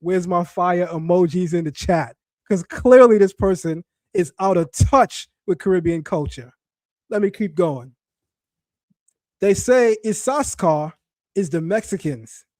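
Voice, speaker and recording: A middle-aged man, the son of West Indian parents, hosting a commentary talk to a live chat in an animated, mocking, emphatic way, often restarting his phrases. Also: high-pitched, a little slow, dry recording, studio quality. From child of West Indian parents. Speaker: host.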